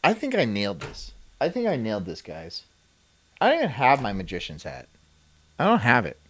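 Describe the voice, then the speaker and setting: A man's voice: medium pitch, wildly swooping pitch, a little fast, fairly bright tone, breathy edge, dry recording. A man streaming, reacting to a video in rambling, crude and self-mocking casual chat.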